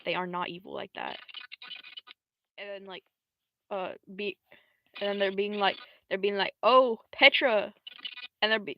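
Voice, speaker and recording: A young adult woman livestreaming in casual, slangy, rambling talk, swearing freely and jumping into squeaky high voices to quote characters. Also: muffled recording, slight background noise. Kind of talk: casual live-stream commentary.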